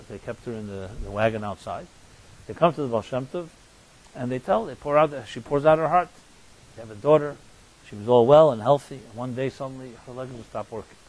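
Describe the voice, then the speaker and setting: A man's voice: mid-range voice, a little mellow, slightly rough, low-quality recording. A man, a rabbi, giving a sermon in a conversational storytelling manner with restarts and asides to his listeners. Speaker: rabbi and teacher.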